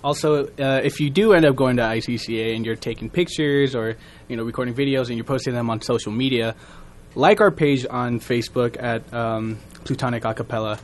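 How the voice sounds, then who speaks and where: A man in a casual radio interview, talking about his a cappella group in a relaxed, rambling way. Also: medium pitch, fairly quick.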